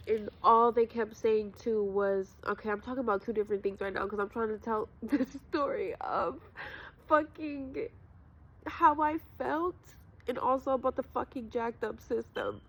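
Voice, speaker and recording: A woman's voice: on the high side, muffled recording, slight background noise. A young woman vlogger telling her personal story to viewers, raw and profane, calling them y'all. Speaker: spiritual vlogger. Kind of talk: emotional personal storytelling to camera.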